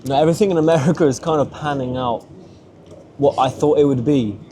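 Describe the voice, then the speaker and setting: A man's voice: medium pitch, fast talker, warm tone, slight background noise. A young British man of eighteen chatting casually in a travel vlog, rambling and swearing easily. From Britain. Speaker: travel vlogger. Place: outdoors on windy city streets.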